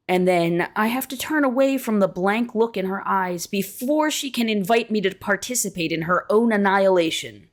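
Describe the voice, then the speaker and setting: A woman reading an essay aloud in a measured, deliberate way, slowing down to stress key words. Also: mid-range voice, lively intonation. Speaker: reader of an essay.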